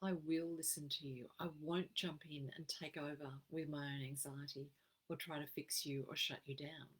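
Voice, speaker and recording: An Australian woman giving an expressive, emphatic live-streamed wellbeing talk as a program facilitator. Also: sits low, moderate pace, breathy edge, poor audio. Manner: expressive, emphatic, acts out quoted phrases.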